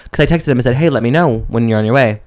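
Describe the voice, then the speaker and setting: Male podcast co-host, chatty storyteller, clear smooth voice, mid pitch. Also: very fast. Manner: chatty, gossipy, lots of "like". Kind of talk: casual chat, storytelling.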